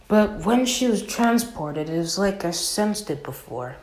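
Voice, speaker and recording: A woman casually retelling a homemade anime storyline. She talks slowly and loosely, often stopping to correct herself or reach for filler words. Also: fairly low pitch, lively intonation, a little mellow. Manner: rambling, with many fillers and self-corrections.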